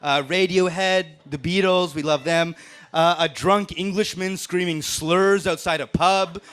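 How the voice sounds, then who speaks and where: A man's voice: sits high, fairly even intonation, unhurried, a bit bright, a little hiss or hum. A man doing a crude, brash roast-battle stand-up set on stage. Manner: brash, crude punchlines with laughs. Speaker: stand-up comedian. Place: comedy stage before a live audience.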